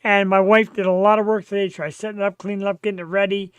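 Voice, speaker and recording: A man's voice: sits high, flat delivery, fast talker, a bit bright, smooth, dry recording. Brash, profane male show host. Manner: brash, profane, hypes the audience. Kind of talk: casual live show chat. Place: home man cave turning into a studio.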